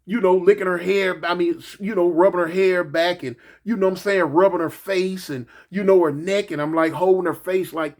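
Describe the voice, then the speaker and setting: A man telling a personal story in a casual, animated way, repeating himself and peppering it with "man" and "you know". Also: high-pitched, a little fast, few pauses. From Los Angeles.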